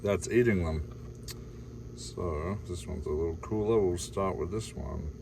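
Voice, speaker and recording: With a deep, gravelly voice and an unhurried delivery, an Australian van-life vlogger chats through a casual cooking video in his camper van. Background noise is audible, and he rambles with many fillers, calling his audience "guys."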